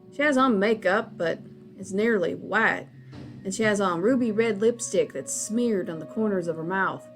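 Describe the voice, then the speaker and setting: A woman voicing a chatty male trucker with a deep Southern US drawl, telling a folksy story over a late-night call-in line. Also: close to an everyday voice.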